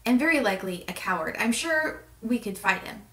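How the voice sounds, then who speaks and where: A woman's voice: on the high side, animated, fairly quick, sharp tone. A woman voicing a rambling, boastful male would-be bard who hedges as he talks, in a roomy, distant recording. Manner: rambling, hedging. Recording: roomy echo, distant mic.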